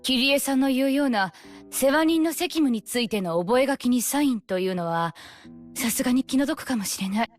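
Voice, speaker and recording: Breezy, sly younger sister. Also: female voice, sits high, expressive, rapid-fire, soft background music. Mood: feigned sympathy. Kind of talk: voiced visual novel dialogue.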